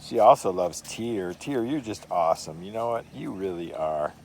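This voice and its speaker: A man filming his dogs outdoors in a yard, talking to them in a coaxing way and gently scolding their rough play. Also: low-pitched, expressive, moderate pace, a little hiss or hum. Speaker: dog owner filming his pets. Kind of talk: casual talk to pets.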